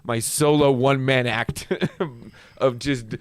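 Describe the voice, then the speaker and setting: A man's voice: mid-range voice, fairly even intonation, slow pace, clear, resonant tone. A young man, a comedian, telling a long rambling story in a casual podcast chat, laughing and trailing off. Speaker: guest comedian.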